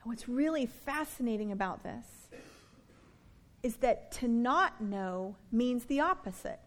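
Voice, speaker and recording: A middle-aged woman pastor delivers a sermon in a high voice. She is earnest and slows down to stress her points, often falling soft and quiet on key words before lifting again. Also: expressive.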